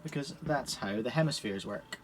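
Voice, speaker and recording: A man's voice: mid-range voice, animated, normal speed, noisy background. Chatty Scottish man streaming. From Scotland. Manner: chatty, cheerful, talks while working with his hands. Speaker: streamer setting up cubes. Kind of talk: casual live-stream chat. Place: shed.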